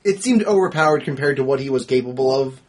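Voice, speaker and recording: A man co-hosting a casual movie discussion, animated and quick to act out scenes. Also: medium pitch, a little hiss or hum. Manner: animated, swearing, acts out scenes. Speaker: podcast co-host.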